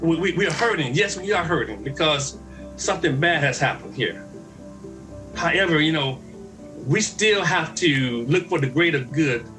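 A man with a fairly high voice delivers an emphatic public address. He repeats his phrases to drive each point home. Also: lively intonation, normal speed, music in the background, poor audio.

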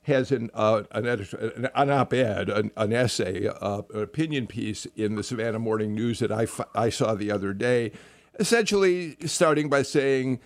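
A man hosting a political radio talk show, speaking in a halting way with many fillers and a wry edge. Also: fairly low pitch, dry recording. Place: radio studio.

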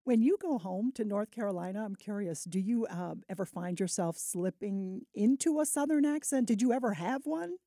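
Female radio host, curious interviewer with brief affirmations, mellow tone, dry studio mic. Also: medium pitch, expressive, moderate pace, hardly any pauses, no echo.

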